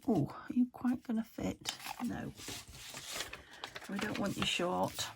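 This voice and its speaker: A British woman hosting a crafting vlog from an upstairs room at home, rambling and talking to herself as she works, often trailing into soft murmurs. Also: mid-range voice, slow pace, gravelly. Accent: British English. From United Kingdom. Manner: rambling, talks to herself while working, drops into soft murmurs. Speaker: crafting channel host. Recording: home recording with noticeable background noise.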